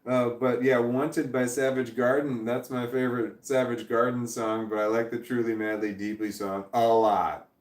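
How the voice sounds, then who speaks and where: A man in his forties chats loosely on a livestream in a mid-pitched voice, wandering from one viewer comment to the next with little chuckles. The sound carries a roomy echo. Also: flat delivery, moderate pace. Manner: rambling, reads viewer comments aloud and chuckles. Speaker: livestream host. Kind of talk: casual livestream chat.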